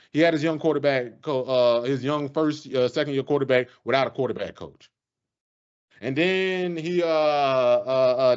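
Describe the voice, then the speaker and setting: A man co-hosting a casual sports podcast, ranting with animated, profane energy. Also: medium pitch. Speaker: podcast co-host. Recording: dull lo-fi podcast audio.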